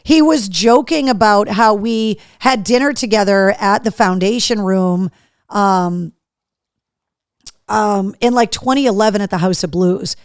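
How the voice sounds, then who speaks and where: A woman's voice: mid-range voice, a little slow, smooth, dry recording, clean studio sound. A middle-aged woman from Massachusetts hosting a live show in casual chat, reading viewer comments aloud and talking freely. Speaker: host.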